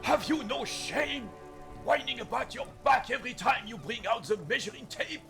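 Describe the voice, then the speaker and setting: Game role: cranky old ex-soldier, high gravelly bark, scolds and bickers. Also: male voice, moderate pace, fairly bright tone, soft background music, heavily acted. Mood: scolding. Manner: scolding, indignant. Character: grumpy old male ex-soldier, quick to scold. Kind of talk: video game voice acting.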